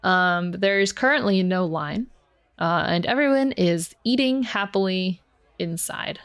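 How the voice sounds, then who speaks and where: A woman running a tabletop game as dungeon master, narrating in a casual, giggly, halting way. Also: on the low side, expressive, clear, resonant tone, no echo.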